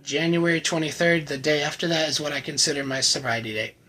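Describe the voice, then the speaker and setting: A man giving an earnest, emotional personal faith testimony to the camera, often halting and repeating words. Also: on the high side, fairly even intonation, pushed and bright, low-quality recording. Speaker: channel host sharing his recovery testimony.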